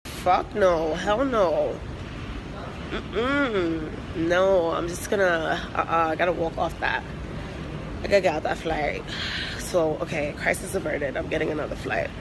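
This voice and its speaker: Speaking low and unhurried, the touring artist rants at her phone in an airport terminal, cursing hard and piling up filler words in an angry selfie monologue. The phone audio is noisy, with vehicles audible.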